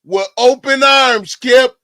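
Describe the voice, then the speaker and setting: A man hosting a livestream, loud and excitable, often shouting as he talks to his chat. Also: extremely high pitch, takes it slowly, no room sound. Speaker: livestream host. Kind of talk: reacting to a clip for chat.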